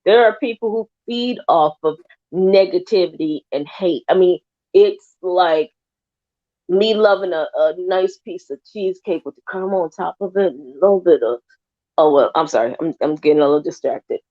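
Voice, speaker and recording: A woman talking in a casual podcast chat, emphatic and animated, sometimes drifting off topic. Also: lowish voice, normal speed. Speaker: guest. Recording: dull lo-fi audio.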